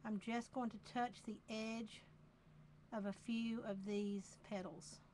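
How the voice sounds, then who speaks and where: A woman with a Southern accent demonstrating a craft project live, talking in an unhurried, chatty way and repeating phrases as she works. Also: on the high side, steady tone, darkish tone, a little hiss or hum.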